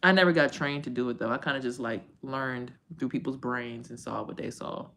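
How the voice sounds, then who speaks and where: A woman's voice: rumbling low, a little fast, a bit bright. A woman hosting a casual livestream as a tarot reader. She talks in a loose, rambling and profane way, full of slang and side remarks to viewers.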